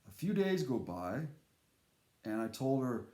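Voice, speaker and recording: A man telling a casual spoken anecdote in a rambling, animated way, with fillers and restarts. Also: mid-range voice, measured pace. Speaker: storyteller. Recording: echoey room.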